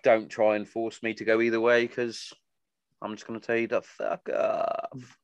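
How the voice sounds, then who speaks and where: A man's voice: fairly low pitch, moderate pace, smooth, dry recording, muffled recording. A man chatting casually, swearing often and acting out the stories he tells. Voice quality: sweary, animated storytelling. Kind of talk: casual chat.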